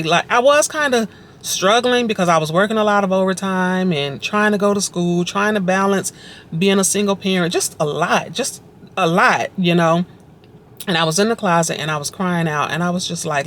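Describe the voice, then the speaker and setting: A woman's voice: lowish voice, normal speed, a bit bright, a little hiss or hum. A woman vlogger telling her personal faith story in a conversational, reflective way, often repeating phrases for emphasis. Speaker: vlogger sharing her testimony.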